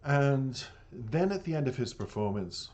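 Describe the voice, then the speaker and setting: A man's voice: medium pitch, big pitch swings, a little slow, darkish tone. An Irish man hosting a reaction channel, talking earnestly and indignantly to his viewers and calling them "dears". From Ireland. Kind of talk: casual monologue to viewers.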